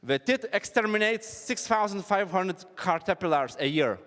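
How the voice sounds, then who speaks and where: A man giving a halting, self-deprecating talk at an arts event, with non-native phrasing. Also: high-pitched, expressive, fairly bright tone, in a large hall. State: out of breath. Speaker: performance artist presenting. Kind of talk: informal spoken presentation. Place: large hall at an arts event.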